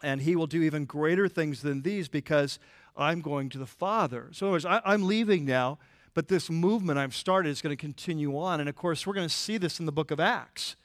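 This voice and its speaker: A man preaching a sermon in a church, conversational and animated, with frequent restarts and filler words. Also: a little high, fairly quick, no echo, studio quality. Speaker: pastor.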